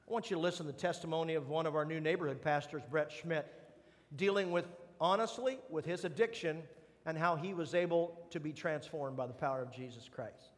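High-voiced pastor preaching in a reverberant hall. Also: male voice, a bit bright. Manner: humorous, self-deprecating storyteller. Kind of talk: sermon with personal storytelling.

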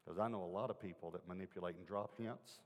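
A man's voice: low voice, fast. A man preaching a sermon, telling a personal story in an earnest, conversational way and putting questions to his listeners. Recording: long hall reverb.

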